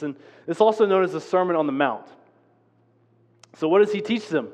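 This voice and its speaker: A man, a pastor preaching a sermon in a conversational, storytelling way with casual fillers. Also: a little high. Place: church sanctuary. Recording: dull sound with long church reverb.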